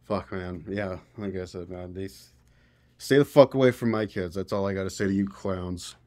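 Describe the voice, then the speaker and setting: A man's voice: low voice, moderate pace, a little mellow. A man hosting a political podcast, reading news stories aloud and reacting with exasperated, profane commentary. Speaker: podcast host.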